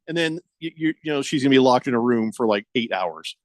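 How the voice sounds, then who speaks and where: Male radio host, casual sports-radio banter, animated, expressive pitch, dry studio mic. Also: fast talker, hardly any pauses, no room sound. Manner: animated, joking, reads listener comments aloud.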